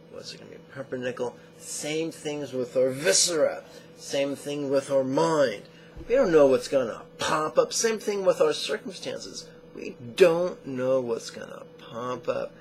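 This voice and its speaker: A man teaching a meditation lesson in a slow, measured way, often repeating short phrases. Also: medium pitch, a little hiss or hum, rough recording.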